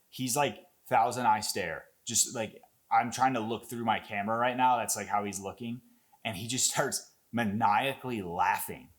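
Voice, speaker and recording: A young man talking casually and excitedly as he breaks down an upcoming fight, swearing often and rambling with restarts. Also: on the low side. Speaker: MMA commentator.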